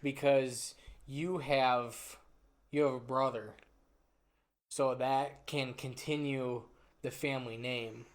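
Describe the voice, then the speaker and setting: A man's voice: mid-range voice, steady tone, slow, pauses often. A young man co-hosting a podcast in casual chat, hesitant and skeptical, with dry quips. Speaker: podcast co-host.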